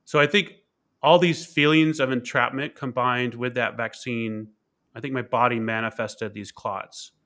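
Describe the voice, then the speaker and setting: A man's voice: mid-range voice, steady tone, measured pace, fairly bright tone. A man, a keynote speaker and author, telling a personal story in an interview in a candid, reflective way, often repeating words and using fillers.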